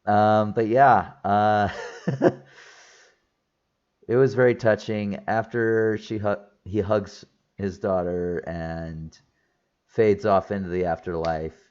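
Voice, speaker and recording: A man's voice: fairly low pitch, fairly even intonation, slow, pauses often, a little mellow, smooth, lo-fi sound. A man casually recapping a film in a rambling review, teary-eyed and emotional. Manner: rambling, emotional, with fillers and restarts. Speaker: movie reviewer.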